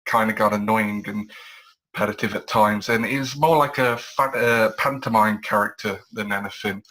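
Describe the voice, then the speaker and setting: Low, clear-toned man weighing things up calmly on a video call panel. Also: moderate pace, poor audio. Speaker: podcast panelist. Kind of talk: casual review chat.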